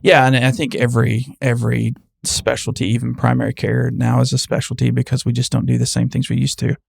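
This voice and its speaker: A man's voice: mid-range voice, monotone, a little fast, creaky, no room sound, clean studio sound. A man who works in medicine, speaking as a guest in an earnest, casual conversation and explaining things plainly.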